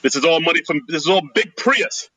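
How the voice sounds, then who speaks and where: A man with a bright, sharp voice recaps a film plot in a relaxed, rambling way, filling pauses with ums and likes. The sound is close and dry. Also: a little high, slightly rough, no room sound, low-quality recording. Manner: relaxed, loose recaps with filler words. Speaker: podcast co-host. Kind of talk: casual movie discussion.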